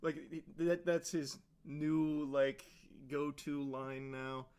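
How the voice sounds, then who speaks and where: A man's voice: on the high side, steady tone, takes it slowly, darkish tone, smooth. A man giving casual, sarcastic and profane commentary on a video, with plenty of filler words. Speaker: reaction commentator.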